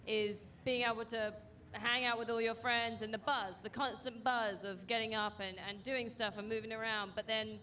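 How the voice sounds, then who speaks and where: A woman's voice: fairly high pitch, fairly even intonation, moderate pace, sharp tone, slight background noise. A woman hosting a live show at an outdoor event, chatting in a bubbly way and laughing often. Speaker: host. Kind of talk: live broadcast chat.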